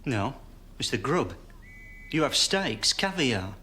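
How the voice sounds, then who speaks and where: Cheeky pow, blunt and lively. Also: male voice, medium pitch, slow pace, slight background noise, full character voice. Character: blunt, cheeky British prisoner of war.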